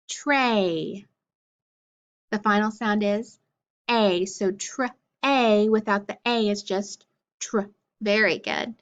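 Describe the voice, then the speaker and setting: A woman teacher leading a phonics lesson, slowly sounding out letters and praising often. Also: medium pitch, fairly bright tone, lo-fi sound. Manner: encouraging, frequent praise.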